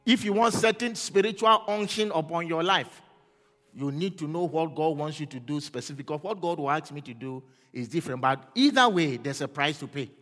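A man preaching a fervent sermon as pastor, rising to shouts and asking the congregation questions. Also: fairly high pitch, expressive, fairly quick, big-room sound.

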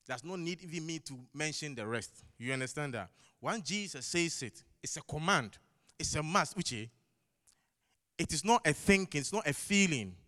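A man's voice: on the high side, pushed and bright. Emphatic accented man preaching in an echoing hall. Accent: non-native English accent. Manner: emphatic, asks the congregation rhetorical questions, repeats key phrases. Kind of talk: sermon. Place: church hall. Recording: long echo of a large hall.

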